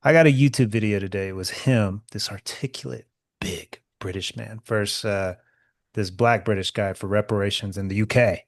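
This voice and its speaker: A man's voice: fairly low pitch, moderate pace, dry recording, clean studio sound. A man with a slight Southern drawl, co-hosting a podcast in a rambling, emphatic way with frequent swearing. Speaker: podcast co-host. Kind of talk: casual podcast banter.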